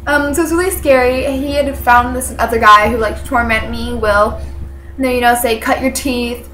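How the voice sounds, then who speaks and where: A teenage woman vlogger, congested, telling a personal story to camera in a halting, earnest way full of fillers. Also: on the high side, fairly even intonation, a bit bright, a little hiss or hum. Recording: echoey room.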